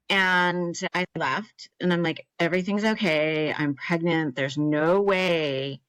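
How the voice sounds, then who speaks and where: Woman in her thirties, a bit low-pitched, dry close sound; earnest storyteller who slips into quoted voices. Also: a bit bright, dry recording, rough recording. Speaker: podcast guest, cancer survivor. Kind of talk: personal storytelling in an interview.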